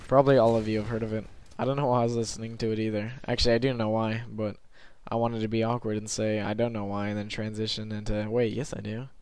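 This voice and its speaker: A young man giving rambling, self-conscious gameplay commentary from his bed late at night, filling pauses with lots of ums. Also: fairly low pitch, level tone, darkish tone, clear, resonant tone.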